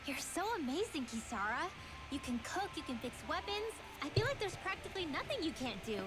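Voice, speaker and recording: An actress voicing a bright, eager young woman in a video game. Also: high voice, very animated, brisk. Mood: admiring. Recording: game audio with background music.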